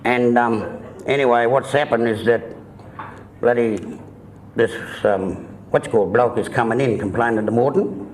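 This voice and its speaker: A man spins off-colour yarns in a loose, meandering way, swearing freely. His voice is mid-pitched and easygoing, with a faint hiss behind him. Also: normal speed, pauses often, rough recording. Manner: rambling, swearing, folksy. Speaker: joke teller. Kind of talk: casual storytelling of crude jokes. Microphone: filmed by a camera operator.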